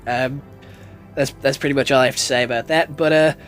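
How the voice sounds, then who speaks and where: A man's voice: medium pitch, steady tone, a little fast, fairly bright tone, faint music behind. A young man talking casually through a film review, with lots of fillers and free swearing. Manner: chatty, swears freely, many fillers.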